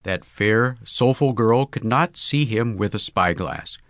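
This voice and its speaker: Low-voiced man narrating a comic tale. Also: expressive, measured pace, fairly bright tone, no room sound. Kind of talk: audiobook reading of a comic story.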